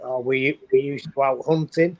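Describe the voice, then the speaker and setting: A man's voice: mid-range voice, fairly even intonation, moderate pace, darkish tone, poor audio. An older man from England with an English accent, chatting casually and repeating himself. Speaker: guest on a co-stream. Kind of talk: casual chat.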